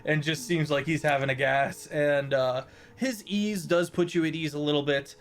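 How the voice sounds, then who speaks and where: A man's voice: on the high side, fairly even intonation, normal speed. A man narrating a tabletop game as game master, describing scenes with many fillers.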